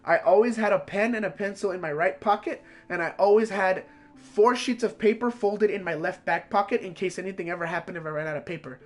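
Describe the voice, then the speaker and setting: High-voiced man telling a heated story. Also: brisk. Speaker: streamer. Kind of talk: casual storytelling.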